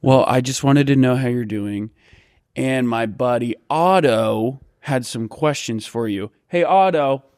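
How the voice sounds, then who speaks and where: A man's voice: mid-range voice, measured pace, no echo, studio quality, natural voice. Man playing an awkward guidance counselor. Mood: concerned. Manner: hesitant, gentle, awkward. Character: soft-spoken male school guidance counselor, awkward.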